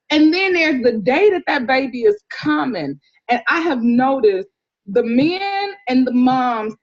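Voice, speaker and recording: A woman doula telling stories in a casual interview, animated and acting out the people she describes. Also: fairly high pitch. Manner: animated storyteller, acts out voices, laughs often. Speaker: doula, podcast guest. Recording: dull lo-fi sound.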